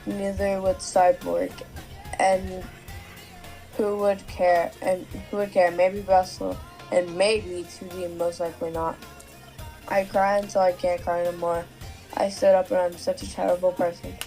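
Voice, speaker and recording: A young woman reading fanfiction aloud as a co-host, in a flat, halting way. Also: fairly low pitch, soft background music, poor audio.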